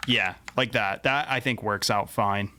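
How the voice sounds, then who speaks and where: A man's voice: lowish voice, measured pace. Laid-back man talking in his home studio. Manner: laid-back, chatty, self-deprecating, trips over words. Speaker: musician making a song on camera. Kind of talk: casual studio walkthrough. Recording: music playing behind the voice. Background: guitar and drum playback.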